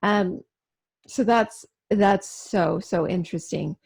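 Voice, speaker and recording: A woman co-host chatting casually on a podcast, musing and halting as she thinks aloud. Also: medium pitch, creaky, a little mellow, husky. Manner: musing, halting with restarts and fillers. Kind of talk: casual chat.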